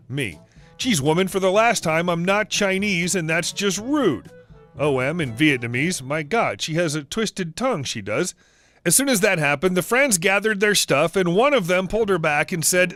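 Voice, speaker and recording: A man's voice: high voice, expressive, moderate pace, fairly bright tone, faint music behind. A man narrating reddit stories, reading every character's dialogue in the same voice. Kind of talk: scripted story narration.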